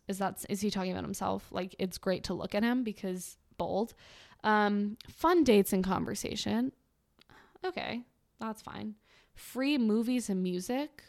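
A woman's voice: medium pitch, creaky, darkish tone. A young woman hosting a podcast, reading dating profiles aloud and mocking them with a sarcastic, wry delivery. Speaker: podcast host. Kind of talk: casual podcast commentary.

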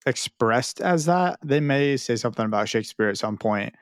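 A man co-hosting a podcast, talking in an animated, rambling way with laughs. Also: medium pitch, normal speed, dry recording, studio quality. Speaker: podcast co-host. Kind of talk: casual chat.

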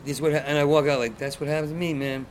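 A man's voice: a little high, steady tone, rapid-fire, a little hiss or hum. A man, a comedian, talking in casual conversation with a stutter, blunt and profane and rambling. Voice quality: stutter, repeats sounds. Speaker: stand-up comedian, guest.

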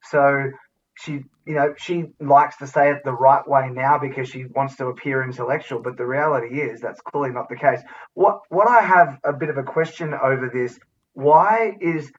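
A man's voice: mid-range voice, moderate pace. An Australian man co-hosting a podcast, blunt and provocative as he muses aloud in casual banter. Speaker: podcast co-host. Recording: distant, dull lo-fi sound.

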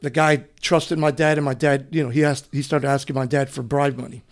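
A middle-aged man from Cuba, a retired police officer, telling his story in an interview in a relaxed, rambling way. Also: mid-range voice, brisk. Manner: relaxed, rambling, often says "you know". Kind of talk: conversational storytelling.

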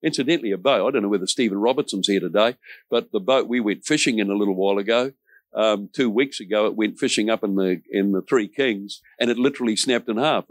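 A man's voice: fairly low pitch, no room sound. A middle-aged man, preaching a sermon as a pastor in an earnest, emphatic way with folksy asides.

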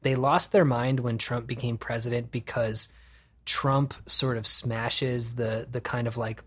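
A man hosting a podcast, chatting casually and profanely, animated and laughing often. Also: medium pitch, unhurried, slightly rough. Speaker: podcast host.

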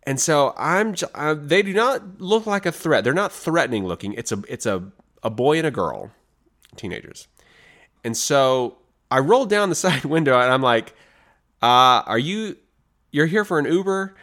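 A man co-hosting a casual podcast, his pitch swinging widely as he tells a story. He laughs often and slips into little voices for the people in his anecdotes. His delivery is loose and chatty. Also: moderate pace. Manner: animated, laughs often, acts out voices in stories. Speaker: podcast co-host.

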